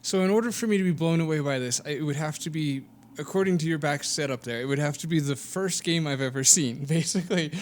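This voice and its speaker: A man's voice: on the high side, fast, hardly any pauses. A middle-aged man co-hosting a casual chat, joking dryly and putting himself down. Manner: dry joking, self-deprecating. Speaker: podcast co-host.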